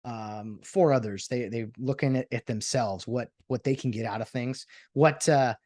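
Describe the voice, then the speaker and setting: A man's voice: mid-range voice, normal speed, a little mellow, no echo. A man hosting his own show, telling a story in a casual, rambling monologue full of fillers and restarts. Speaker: podcast host.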